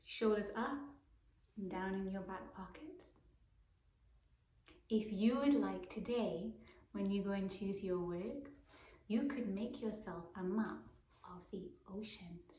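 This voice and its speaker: A woman teaching a children's circle time lesson in a gentle, encouraging way, sometimes dropping to a whisper. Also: medium pitch, slow, long pauses. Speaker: preschool teacher. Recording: roomy echoey room.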